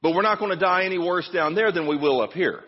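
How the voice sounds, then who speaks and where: A man's voice: high-pitched, fast talker, slightly rough. A middle-aged man preaching a sermon as pastor, telling a story with a self-deprecating manner. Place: church. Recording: dull sound in a reverberant hall.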